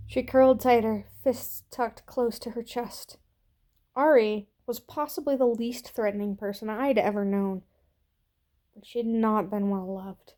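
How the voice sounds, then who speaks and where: Woman reading a story real slow and soft, mellow low-key voice. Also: steady tone. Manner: slow, soft and gentle, dropping to hushed whispers. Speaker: reader.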